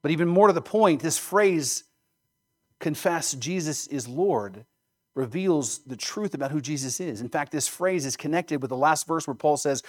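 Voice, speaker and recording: Pastor, male, slightly raised pitch, emphatic sermon delivery with rhetorical questions. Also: darkish tone.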